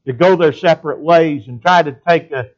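A man's voice: fairly high pitch, moderate pace, lo-fi sound. A man preaching a sermon and reading scripture aloud in an old-fashioned cadence.

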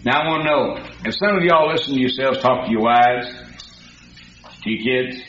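Folksy preacher in echoey church. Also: male voice, medium pitch, normal speed, fairly bright tone. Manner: folksy, storytelling, rising to emphatic. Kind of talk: sermon. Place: church hall. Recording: dull, echoey hall recording.

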